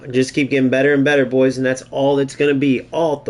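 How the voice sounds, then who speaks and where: Playing a football video game on stream, a young man runs through casual, profane commentary and trash-talks whoever he's up against. He speaks fast at a medium pitch with a flat delivery, and there's slight background noise.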